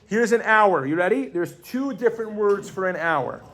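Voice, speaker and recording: A pregnant woman teaching Yiddish to a class, animated and casual, quizzing her students with frequent questions. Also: mid-range voice, normal speed. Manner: casual, with fillers and restarts. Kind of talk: classroom language lesson.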